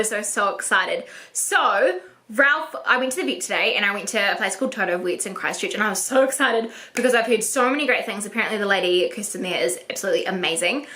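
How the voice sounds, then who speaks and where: A woman's voice: fairly high pitch, sharp tone, a little hiss or hum. A young woman talking to the camera at home in a personal vlog, rambling and gushing, repeating words for emphasis. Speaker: vlogger. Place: at home indoors.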